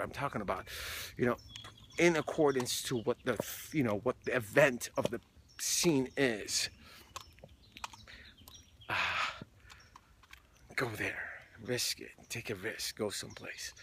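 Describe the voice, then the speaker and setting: Casual animated male acting coach. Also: mid-range voice, a little hiss or hum. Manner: casual and animated, with swearing and storytelling. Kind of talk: candid talk on acting.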